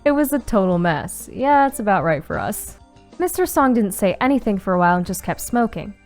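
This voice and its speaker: A woman's voice: medium pitch, brisk. Young woman, game playthrough, story read aloud, sudden squeals, casual swearing, faint music behind. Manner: reads story text aloud, breaks into excited squeals and swearing. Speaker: gaming streamer reading a visual novel aloud. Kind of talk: casual playthrough narration with reactions.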